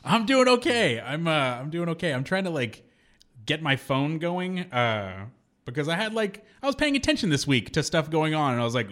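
A man's voice: on the high side, very animated, normal speed, fairly bright tone. A man co-hosting a radio show, rambling and laughing through casual chat with many fillers. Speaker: co-host.

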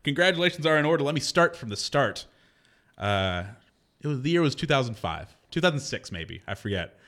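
A man's voice: medium pitch, very animated, brisk, a bit bright. Chatty, laughing male radio host. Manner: chatty, laughs often, rambling storyteller. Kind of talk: casual radio banter.

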